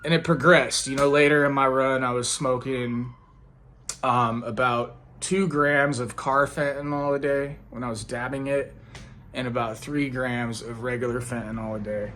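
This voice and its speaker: A young man talking in a loose, rambling way, his sentences full of fillers and little check-in questions. His voice sits at an ordinary middle pitch, and he tells his story casually and straight to the listener. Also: steady tone, moderate pace, a bit bright. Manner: rambling, filler-heavy, frequent "like" and "right?". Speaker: recovering addict telling his story.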